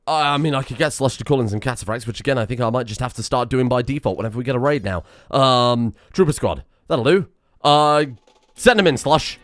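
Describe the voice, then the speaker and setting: A man giving excitable let's play commentary on a strategy game, muttering one moment and shouting the next. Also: medium pitch. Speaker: gameplay commentator.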